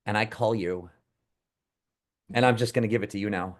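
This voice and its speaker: A man co-hosting, telling a long personal story in a rambling, animated way with many restarts. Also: on the low side, moderate pace. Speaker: co-host. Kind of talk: casual storytelling.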